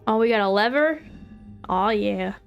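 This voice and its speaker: A woman's voice: medium pitch, animated, a little slow, gravelly, clean tone, dull audio, soft background music. A woman chatting casually and joking to herself as she plays a video game. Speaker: gameplay commentator. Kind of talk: casual gameplay commentary.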